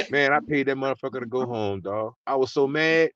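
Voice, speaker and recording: A man hosting a podcast, telling stories in casual, heavily profane, animated chat. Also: mid-range voice, brisk. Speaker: podcast host. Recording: muffled with clear background noise.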